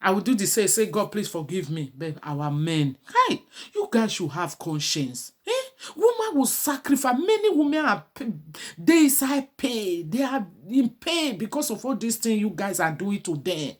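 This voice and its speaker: A woman's voice: mid-range voice, sing-song, normal speed. A middle-aged woman giving a pleading, preachy advice monologue as a vlogger.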